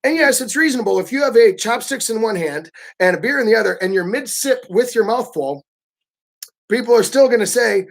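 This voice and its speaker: A man giving a casual livestream talk, animated and often acting out the pushy voices of others. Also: extremely high pitch, fairly quick, vocal fry. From United States. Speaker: vlogger.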